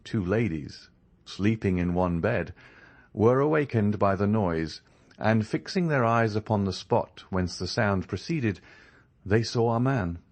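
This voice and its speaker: A man narrating a classic novel as an audiobook, in an expressive, measured storytelling manner. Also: lowish voice. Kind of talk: scripted narration.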